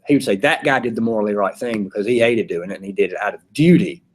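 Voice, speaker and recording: A man's voice: on the low side, fast talker. A man giving a casual classroom lecture, chatty, acting out his examples in little voices. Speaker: philosophy teacher.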